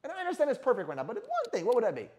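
A man giving an energetic sales coaching talk in a brash manner, swearing freely and often asking "right?". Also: extremely high pitch, racing. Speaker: sales trainer.

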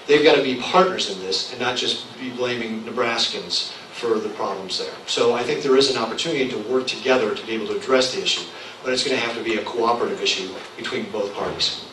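A man answering as a candidate in a public debate, measured and assertive. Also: medium pitch. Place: public hall. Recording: echoey room from far off, faint noise.

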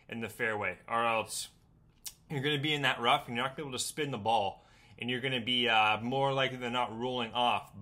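Casual male sports host, bright and forward, loose rambling delivery, young adult. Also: medium pitch. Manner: chatty, rambling, lots of fillers. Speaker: golf betting podcast host. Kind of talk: casual sports betting talk.

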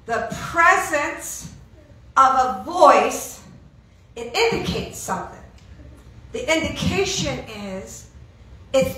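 A woman preaching a sermon in an animated way, asking her listeners questions and acting out the voices of pushy friends. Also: high voice. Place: church hall. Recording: echoey hall, mic at a distance.

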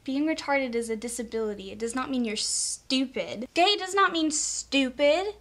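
A woman's voice: high voice, animated, moderate pace, a bit bright. A young woman venting her pet peeves to camera in a casual, exasperated way. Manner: exasperated, mocks others in quoted voices. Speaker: vlogger.

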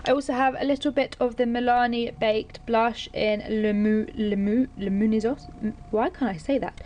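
A woman's voice: on the high side, steady tone, a little mellow. Bubbly young woman vlogging. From Britain. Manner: chatty, rambling, bubbly, quick asides. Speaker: beauty vlogger. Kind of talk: casual vlog chat to camera.

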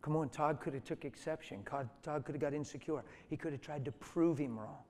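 Male preacher, emphatic exhortation, raised pitch; long hall reverb. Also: a little fast, darkish tone, slight background noise. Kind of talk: sermon.

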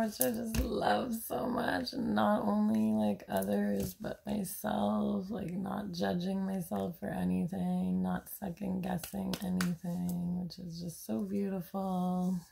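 A woman's voice: mid-range voice, gravelly, dark tone, a little hiss or hum. A young adult woman vlogging about her day in a dreamy, gushing way, laughing often. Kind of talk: casual daily vlog.

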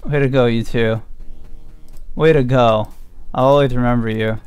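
A young man streaming a game, rambling in a mock-mournful way and filling pauses with lots of ums. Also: mid-range voice, steady tone, a little mellow, clear, resonant tone, no room sound, soft background music. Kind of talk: casual let's-play commentary.

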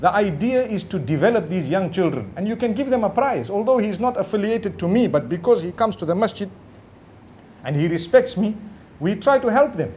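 Man, high pitch, Islamic preacher, chatty lecture, faint background hum. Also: animated, fairly quick, a little mellow. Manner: conversational, with frequent "you know" asides; acts out the quoted lines of others. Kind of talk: lecture to a live audience.

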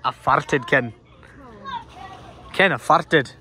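A man's voice: medium pitch, very slow, pushed and bright. A young man, vlogging casually with family and joking around playfully. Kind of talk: casual vlog chat.

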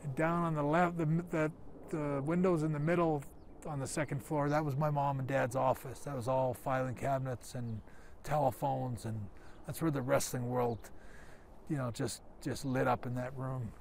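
A gravelly older man from Canada reminisces about his childhood, rambling and restarting his sentences as he goes. He speaks at a middle pitch, recorded outdoors with faint noise in the background. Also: steady tone, moderate pace, a little mellow. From Calgary, Canada. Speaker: guest giving a tour. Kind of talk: casual storytelling.

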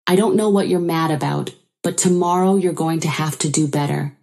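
A woman's voice: low-pitched, normal speed, vocal fry, dark tone. A woman voicing a dismissive, self-pitying husband who defends his mother and blames his wife, in a narrated story. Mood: indignant. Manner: defensive, blaming.

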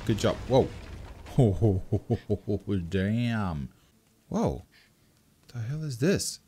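A man doing let's play commentary, excitable and swearing, coaxing the creature on screen. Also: on the low side, takes it slowly, husky. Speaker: gaming commentator.

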